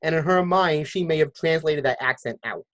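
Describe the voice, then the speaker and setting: A man's voice: on the high side, normal speed, fairly bright tone. A man hosting a podcast in casual chat, thinking aloud and hedging as he goes. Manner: chatty, thinking aloud with hedges. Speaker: podcast host.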